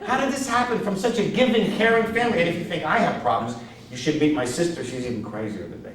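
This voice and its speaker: A brash, self-mocking male comedian from Connecticut works the crowd from a stage. His somewhat high voice swings widely in pitch. The sound is very echoey and distant, with a lively audience audible. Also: fast. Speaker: stand-up comedian. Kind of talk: stand-up comedy. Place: theater stage.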